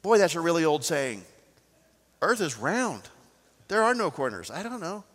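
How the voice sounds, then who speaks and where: A man preaching a sermon as pastor, swinging from loud to soft. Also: fairly high pitch, big pitch swings, moderate pace, long reverb tail.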